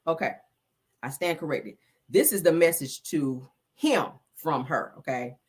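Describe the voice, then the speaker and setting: A woman's voice: deep voice, animated, a little slow, breathy edge. A woman hosting a casual gossip commentary, reading messages aloud, chatty and profane, talking straight to her viewers.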